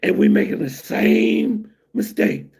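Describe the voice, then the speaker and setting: A high-pitched man with a level tone, vocal fry, a darkish timbre and a breathy edge chats casually on a live stream. He's a vlogger reading chat comments, rambling conversationally and drifting into drawn-out asides as he reacts to viewers.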